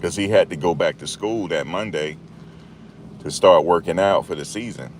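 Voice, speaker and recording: Deep-voiced man in chatty commentary. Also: normal speed, a little hiss or hum. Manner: chatty, repeats himself, laughs at the story. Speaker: YouTube commentary host. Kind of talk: casual commentary monologue.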